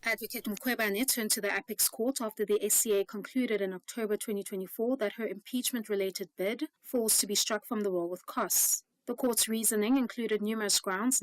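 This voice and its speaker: A woman's voice: mid-range voice, dry recording, rough recording. A woman delivering a formal radio news report.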